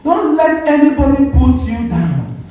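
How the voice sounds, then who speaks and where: High-voiced priest in an echoey church. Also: male voice, sing-song, measured pace, dark tone, far from the mic. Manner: call-and-response questioning of the congregation. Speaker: Catholic priest. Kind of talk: sermon.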